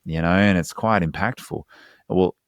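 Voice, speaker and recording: Deep-voiced man explaining earnestly. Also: moderate pace, clean tone, no echo, studio quality. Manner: earnest, explanatory, slangy asides. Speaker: hypnotherapist guest. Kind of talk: casual podcast conversation.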